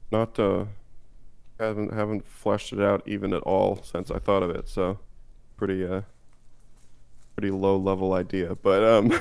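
A man's voice: low-pitched, creaky, clean tone, no echo. A young man from Canada co-hosting a podcast, chatting casually and hesitantly, thinking aloud with many fillers. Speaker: podcast co-host. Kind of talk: casual chat.

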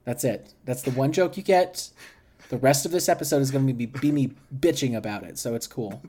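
A man's voice: mid-range voice, a little fast, mellow, a little hiss or hum. A man co-hosting a casual podcast, telling stories sarcastically and swearing. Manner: storytelling, sarcastic, profane. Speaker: podcast co-host.

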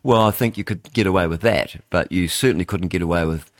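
A man, hosting talk radio in a chatty, rambling way, reading headlines aloud and thinking out loud. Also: sits low, fast, dry recording, studio quality. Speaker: radio host. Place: radio studio.

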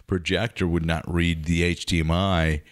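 A man's voice: low voice, little pitch movement, moderate pace, no echo, clean studio sound. A man co-hosting a podcast in casual tech chat, chatty, with nerdy asides and self-corrections. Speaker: podcast co-host.

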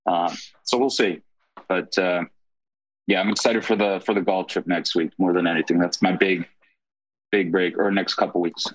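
A man with a very deep voice catches up casually with friends. His tone is relaxed and quietly wry. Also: normal speed, rough recording. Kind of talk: casual chat.

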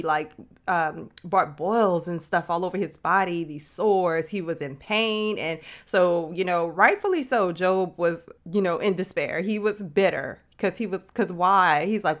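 A woman's voice: lowish voice, fairly bright tone. A woman hosting a podcast, teaching about the Bible in a casual, chatty way and calling the listener sis. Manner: chatty, addresses listener as sis, slangy asides. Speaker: podcast host.

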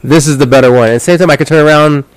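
A man's voice: fairly high pitch, rapid-fire, smooth, no echo. A man co-hosting a podcast in casual chat, rambling and joking with frequent swearing. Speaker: podcast co-host.

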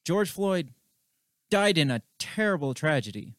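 A man co-hosting a podcast, talking politics in a casual, animated way. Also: on the high side, a little slow, no room sound, clean studio sound. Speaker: podcast co-host.

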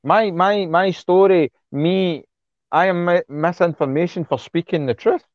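A man with a high voice speaks a little slowly as an interview guest, blunt and heated, swearing freely and repeating himself when he gets worked up. It's impassioned casual interview talk, recorded with no echo and the highs cut off.

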